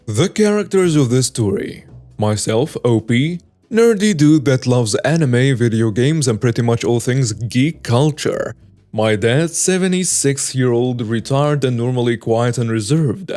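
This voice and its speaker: A man reading out a written story in an even, flat narration voice, with little change for the quoted people. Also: medium pitch, a little slow, soft background music. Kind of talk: scripted narration.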